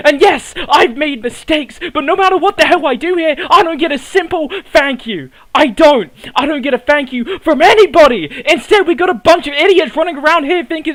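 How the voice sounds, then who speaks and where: A man's voice: extremely high pitch, expressive, fairly bright tone, poor audio. A man giving a heated wrestling promo, ranting furiously and swearing heavily. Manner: halting and stumbling at the start.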